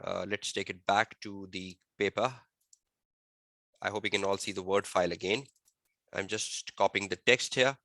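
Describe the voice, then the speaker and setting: Guy teaching an exam webinar, bright crisp voice, dry close mic, keeps asking "right?" style questions. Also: low-pitched, steady tone, dry recording. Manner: drills students with repeated rhetorical questions; slow, deliberate dictation of answer phrasing. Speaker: exam tutor.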